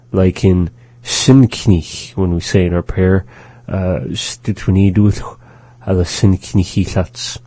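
A man hosting a radio language lesson, repeating each phrase slowly and carefully. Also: low-pitched, dark tone, dry recording. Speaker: language teacher and radio host. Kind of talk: slow instructional language lesson.

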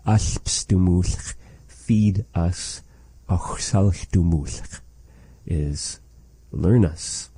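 A man teaching a language lesson, patiently saying phrases slowly and repeating them for practice. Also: deep voice, warm tone, breathy edge, dry recording.

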